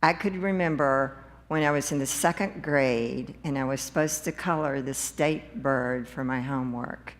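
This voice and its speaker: A woman from the congregation sharing a personal testimony in an earnest, unhurried way. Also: extremely low pitch, long reverb tail. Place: church sanctuary.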